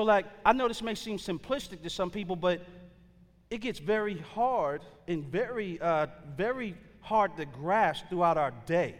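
Casual storytelling man preaching in a hall. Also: sits high. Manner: conversational storytelling with slang and repeated fillers. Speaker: pastor. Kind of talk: sermon.

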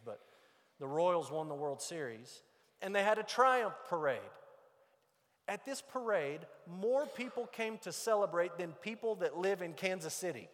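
A man preaching a sermon, moving from loud emphatic points to hushed, quiet passages. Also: fairly high pitch, in a large hall. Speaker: pastor.

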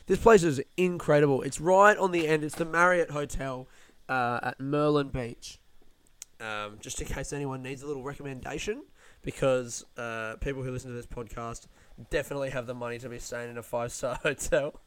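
A man's voice: mid-range voice, fairly even intonation, brisk, a bit bright, clear, resonant tone. A young man hosting a podcast, rambling through a casual, self-deprecating, sweary monologue. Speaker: podcast host, comedian.

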